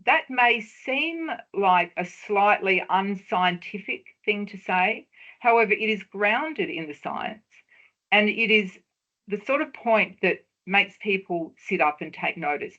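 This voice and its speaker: Woman presenter webinar lecturer, measured, explanatory, mid pitch, slightly muffled call audio. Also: a bit bright. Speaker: webinar presenter on research talks.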